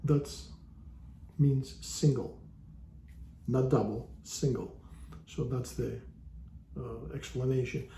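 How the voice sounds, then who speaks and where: A man's voice: medium pitch, slow, long pauses, mellow, a little hiss or hum. A man giving a casual online language lesson, explaining patiently with wry, joking asides. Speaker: language teacher. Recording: echoey room.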